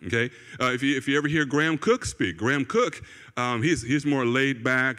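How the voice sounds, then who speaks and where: Here a pastor preaches at a moderate pace, his medium-pitched voice carrying a sharp edge. He keeps things conversational, repeats phrases for emphasis, and often asks "right?" or "okay?", all echoing with the long reverb of a church sanctuary.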